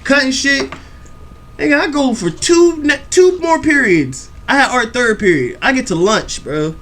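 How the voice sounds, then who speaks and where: A young man telling a profane, animated story on a reaction video channel. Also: very high-pitched, a little slow. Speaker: YouTube reaction host. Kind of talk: storytelling vlog chat.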